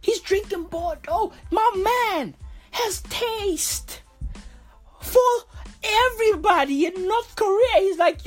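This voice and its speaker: A woman's voice: very high voice, takes it slowly, faint music behind. A woman reading aloud and riffing with slangy, profane comic commentary.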